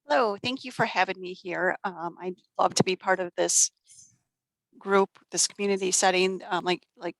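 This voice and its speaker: A woman presents her family shelter's work to a community gathering. Her voice has a gravelly edge, and the sound is dry and close. She speaks haltingly, with frequent fillers and restarts. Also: mid-range voice, steady tone, no echo, low-quality recording. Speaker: nonprofit shelter staff.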